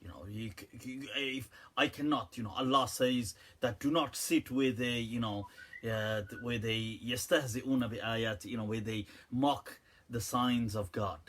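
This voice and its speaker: A man's voice: mid-range voice, steady tone, measured pace, a bit bright, pitched below the performer's own voice. A man voicing an agitated Middle Eastern man who speaks with an Arabic accent, stammers and keeps apologizing while he protests. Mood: indignant, apologetic.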